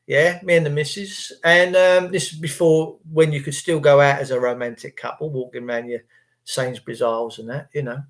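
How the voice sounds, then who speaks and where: A middle-aged man rants crudely in a casual monologue, swearing and mocking others. He jumps into high voices to mimic people.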